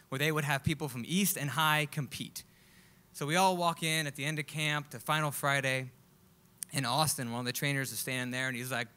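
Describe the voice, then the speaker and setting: A man telling a comic personal story live on stage, animated and acting out other people's lines. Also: a little high. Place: live stage at a music club.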